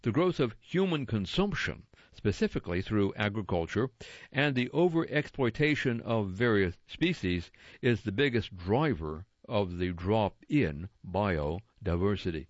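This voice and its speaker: A man reads a news magazine aloud at a slow, careful pace, describing the page layout and saying quote and unquote around each quotation. His pitch rises and falls widely as he reads. The recording is dry and a little dull. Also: lively intonation, no room sound. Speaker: magazine reader for listeners.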